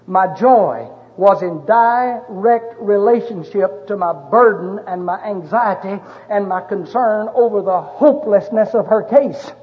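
Middle-aged male pastor, very high voice, impassioned sermon storyteller, dull lo-fi church recording. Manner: impassioned storytelling, rising to shouted pleas. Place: church sanctuary. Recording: dull recording with long hall reverb.

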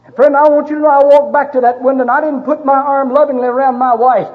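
A middle-aged male pastor preaching a sermon, telling a story with passion and rising to shouted pleas. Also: extremely high pitch, steady tone, fast talker. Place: church sanctuary. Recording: dull recording with long hall reverb.

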